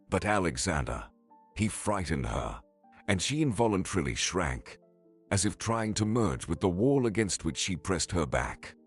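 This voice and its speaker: Male story narrator, very deep, husky, lively pitch.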